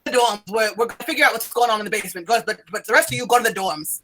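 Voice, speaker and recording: A woman's voice: on the high side, rapid-fire, pushed and bright, a little hiss or hum. A woman voicing a male professor who urgently orders students to safety in a tabletop role-playing game.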